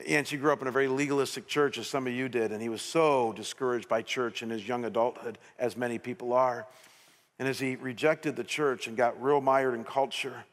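A middle-aged pastor preaches to his congregation, telling a story in an animated way and often restarting his phrases. His voice sits in the middle range for a man. A long reverb from a large church hall trails behind every sentence. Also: mid-range voice, fairly quick. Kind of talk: sermon. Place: church sanctuary.

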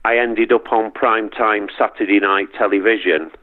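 Middle-aged man with a Manchester accent, low-pitched and halting, heard over a tinny phone line. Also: steady tone. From Northern England. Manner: halting, many restarts and repeats. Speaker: guest, performer. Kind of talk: casual interview chat.

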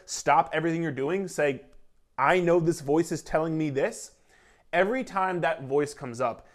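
A man coaching viewers on weight loss in an emphatic, repetitive pep-talk style, casual and sometimes swearing. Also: a little high. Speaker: fitness coach. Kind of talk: motivational talk to camera.

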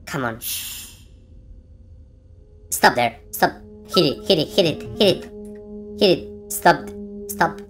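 Soft music plays behind a woman's low-pitched voice as she does horror let's play commentary from her room for her gaming channel. She speaks slowly with lively intonation and frequent pauses, breaking into gasps and frightened, jumpy exclamations.

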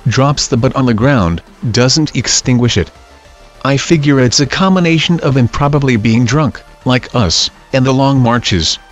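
Brief: male narrator for creepy internet stories, mid-pitched, steady delivery, dull lo-fi mix with faint music under it. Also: moderate pace. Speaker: story narrator. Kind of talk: scripted narration of scary stories.

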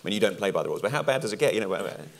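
A man with a very deep voice interviews a guest onstage. He talks fast and asks his questions in a loose, conversational way. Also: big pitch swings.

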